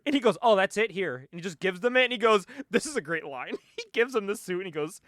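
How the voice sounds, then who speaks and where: Man, high lively voice, bright tone, laughing comic recap. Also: fast talker, no room sound, studio quality. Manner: animated, laughs often, acts out the characters' lines. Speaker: podcast co-host. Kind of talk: casual comic book recap.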